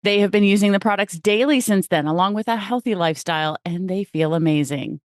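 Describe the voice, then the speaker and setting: A woman's voice: mid-range voice, brisk, no room sound. Upbeat woman host, dry close sound. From United States. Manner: upbeat and effusive. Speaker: show host. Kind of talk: enthusiastic podcast host introduction.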